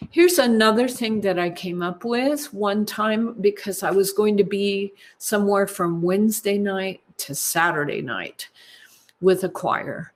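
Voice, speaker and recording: Slow-speaking woman teaching choir methods. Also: mid-range voice. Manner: warm, unhurried teacherly explaining with fillers. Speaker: choral music clinician. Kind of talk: conference teaching session.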